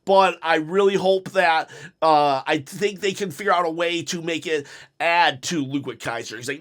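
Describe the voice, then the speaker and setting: A man with a fairly high voice talks through wrestling storylines in a loose, casual way. He speaks close to the mic and keeps his energy up. He often drops into quick quoted lines as the wrestlers. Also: fairly bright tone. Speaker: wrestling commentary host. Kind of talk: casual fantasy-booking commentary.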